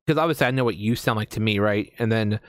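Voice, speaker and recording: A man's voice: lowish voice, fast, no echo, studio quality. An American man chatting casually, rambling with lots of fillers, restarts and swearing. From United States. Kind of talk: casual chat.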